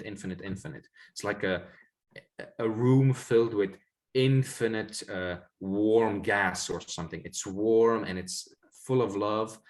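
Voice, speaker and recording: A man in casual conversation recounting a spiritual experience, reflective and rambling, full of fillers and repeated words. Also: on the low side. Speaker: guest sharing spiritual experiences.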